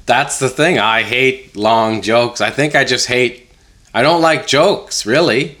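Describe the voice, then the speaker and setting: A man's voice: mid-range voice, slow pace, sharp tone. A man co-hosting a podcast, chatting casually and groaning in exasperation. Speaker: podcast co-host. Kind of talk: casual chat.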